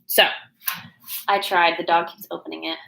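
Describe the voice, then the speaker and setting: A woman's voice: fairly low pitch, steady tone, moderate pace, gravelly, fairly bright tone, slight background noise, poor audio. A woman from Oklahoma with a Southern accent, a business coach chatting casually and bubbly on a livestream, rambling with fillers. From Oklahoma, USA. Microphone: no external mic plugged in.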